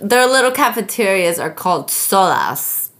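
Woman, casual chat, emphatic, chatty, quick to laugh. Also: medium pitch, animated, fairly bright tone. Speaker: podcast co-host.

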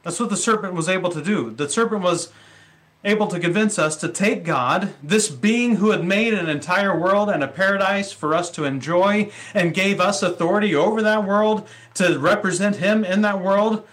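A man's voice: high voice, moderate pace, fairly bright tone. Man preaching in a conversational sermon. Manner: conversational, rhetorical questions. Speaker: pastor.

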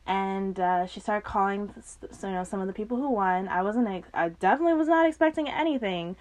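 A young woman in her twenties hosting a podcast, telling a personal story in a casual, animated way, often laughing and acting out what others said. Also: medium pitch, brisk. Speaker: podcast host.

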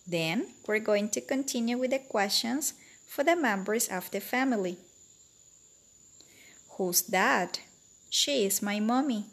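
Slow, clear woman teaching children. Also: mid-range voice, expressive. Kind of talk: slow bilingual vocabulary lesson.

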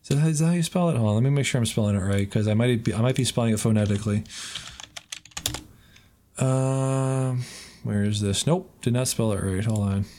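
A man's voice: medium pitch, a little fast, warm tone, slight background noise. Laughing, swearing New York man. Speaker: podcast co-host. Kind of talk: casual chat.

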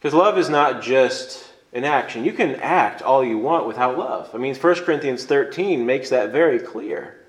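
A man gives a sermon in an easy, earnest, conversational way, walking through his points one at a time. His voice sits at a middle pitch. The sound carries a noticeable room echo, as if recorded in a church hall. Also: expressive, normal speed. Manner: earnest, conversational, explains step by step. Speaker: preacher.

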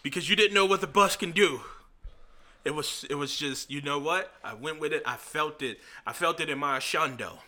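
A man's voice: fairly high pitch, normal speed, pushed and bright. A man co-hosting a podcast, talking in a playful, theatrical, self-mocking way. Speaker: podcast co-host. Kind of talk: casual comedic chat.

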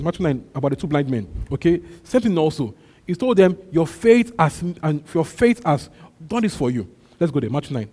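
A man's voice: a little high, warm tone, husky. A male pastor preaching a sermon, emphatic and repetitive, calling out to his congregation. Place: church. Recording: long hall reverb.

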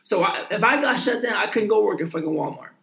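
A man talks in heated casual chat, swearing freely and hammering his points by repeating and restarting his words. His voice sits high for a man. The sound is roomy, with plenty of echo around him. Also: animated, fast, gravelly, pushed and bright. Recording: roomy echoing room.

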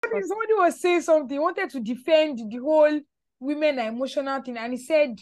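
A woman hosting a casual podcast chat, animated and repeating words as she builds her point. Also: sits high, quick pace, no room sound. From Nigeria. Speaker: podcast host.

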